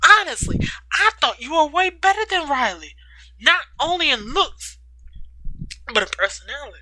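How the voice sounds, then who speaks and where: A woman's voice: sits high, expressive, normal speed, bright, forceful tone, pitched above the performer's own voice, heavily acted, rough recording. A woman voicing an earnest teenage boy in a story, speaking in close to her own voice.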